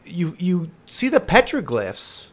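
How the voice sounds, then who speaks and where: A man's voice: sits high, huge pitch swings, slow. A man hosting a casual podcast chat, joking and rambling with lots of fillers. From Milwaukee. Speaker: podcast host.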